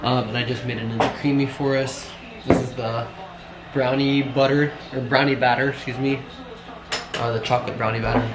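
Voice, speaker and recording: A man in a casual home vlog, relaxed and easygoing. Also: medium pitch, moderate pace, heavy background noise. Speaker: vlogger, father.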